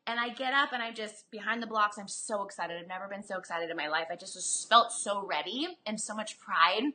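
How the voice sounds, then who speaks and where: A woman in her thirties, a former Olympic swimmer, chatting as a guest over a video call in an animated, filler-heavy storytelling way. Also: medium pitch, a little fast, a little hiss or hum. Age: 30s. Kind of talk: casual interview storytelling.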